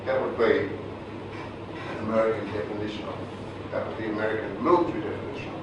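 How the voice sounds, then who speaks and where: A man's voice: fairly low pitch, steady tone, fast, pauses often, lo-fi sound. An older man with an Australian accent, telling stories to a training group in a casual, chatty way, often checking in with the room. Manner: casual, chatty, restarts phrases, checks in with "right?". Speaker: resilience trainer, speaker. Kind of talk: storytelling lecture to a group. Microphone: far room mic. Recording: echoey room from far off, background noise.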